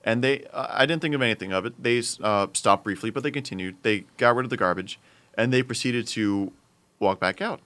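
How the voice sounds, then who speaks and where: Young man, bright edgy tone, animated storyteller in casual chat. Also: medium pitch, brisk. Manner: animated, builds up to loud exclamations.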